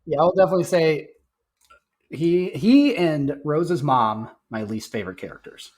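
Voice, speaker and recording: A man's voice: fairly high pitch, animated, normal speed, a little mellow. A man co-hosting a podcast, chatting casually about a film with blunt, profane, short retorts. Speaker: podcast co-host. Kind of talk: casual movie review chat.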